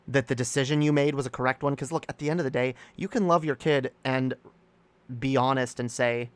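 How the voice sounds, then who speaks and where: A man hosting a casual livestream, talking in a rambling, halting way with many restarts and reading viewer comments aloud to react to them. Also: medium pitch, fairly bright tone, no echo. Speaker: streamer host.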